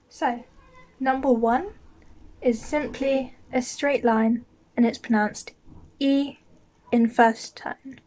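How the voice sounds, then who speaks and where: A woman teaching a language lesson, explaining each word slowly and saying it twice for the learner to repeat. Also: a little high, dark tone. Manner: patient, says each word twice clearly. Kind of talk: slow, clear lesson with repeat-after-me drills.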